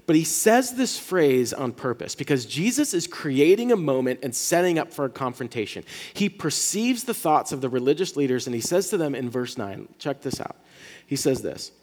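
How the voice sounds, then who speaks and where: A man preaching a sermon as pastor, talking in a casual, animated way and often restarting his words. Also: mid-range voice, normal speed, long reverb tail.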